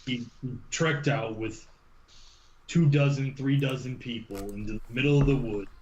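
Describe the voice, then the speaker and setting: A man voicing a stern, wry old human warrior in a tabletop game, speaking in a measured, storytelling way. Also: medium pitch, darkish tone, roomy sound, muffled recording, lightly acted. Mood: grave.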